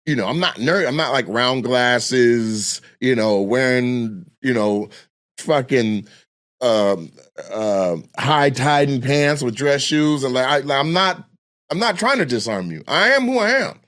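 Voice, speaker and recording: A man from Washington State, a guest comedian, telling a story in casual, animated, profane chat and acting out other people's voices. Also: mid-range voice, a little slow.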